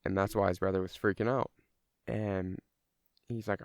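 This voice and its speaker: A man's voice: fairly low pitch, steady tone, normal speed, pauses often, no room sound, clean studio sound. A young man telling a personal story in a casual, rambling way, swearing freely and using lots of fillers. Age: young adult.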